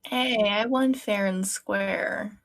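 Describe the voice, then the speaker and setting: A woman's voice: mid-range voice, slow. A woman voice actor chatting casually on a recording stream, blunt and swearing, working through a headache. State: has a headache.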